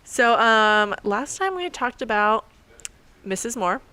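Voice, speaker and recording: A woman's voice: fairly high pitch, very animated, a little slow, pushed and bright, clean tone. A woman co-hosting a podcast in playful, teasing banter, laughing a lot, recorded on a table microphone inside an open bookstore. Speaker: podcast co-host. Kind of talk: casual banter.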